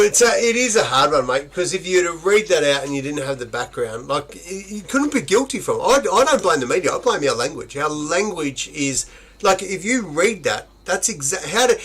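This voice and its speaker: Blunt, swearing Australian bloke. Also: male voice, fairly high pitch, animated, brisk, fairly bright tone. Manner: blunt and swearing, with sudden emphatic bursts. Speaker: podcast co-host. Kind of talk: casual banter.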